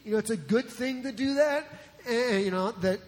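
High-voiced man preaching in a hall. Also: moderate pace. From New Jersey. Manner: conversational, joking preaching. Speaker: pastor. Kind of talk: sermon. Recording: long reverb in a large hall.

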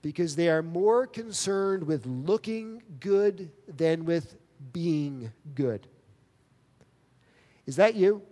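A man preaching a sermon as pastor, earnest and emphatic, with dramatic pauses. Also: a little high, expressive, dark tone. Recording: long reverb of a large hall.

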